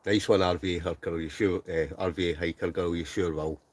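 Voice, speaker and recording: A man's voice: low-pitched, steady tone, fairly quick, dry recording. A Scottish man hosting a casual livestream from his tent, chatting, laughing and reading out viewer comments. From Scotland. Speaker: livestream host. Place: inside a tent.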